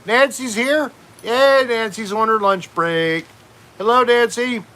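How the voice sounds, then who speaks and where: A man's voice: extremely high pitch, takes it slowly, bright, forceful tone. A man hosting a casual home livestream, rambling and joking while reading out chat names. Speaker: livestream host.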